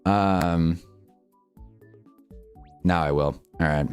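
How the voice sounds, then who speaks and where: A young man live-streaming commentary on a football awards show, swearing and laughing as he swings from loud outbursts to low mumbles. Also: fairly even intonation, extremely slow, clear, resonant tone, faint music behind. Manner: profane, laughs often.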